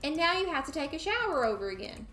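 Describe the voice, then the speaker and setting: Her voice sits high with big pitch swings and a fairly bright tone, and she talks fast. She's a young woman from Tennessee, USA, with a Southern accent, chatting to her stream and the game's characters during casual play, recorded with a roomy echo and faint music.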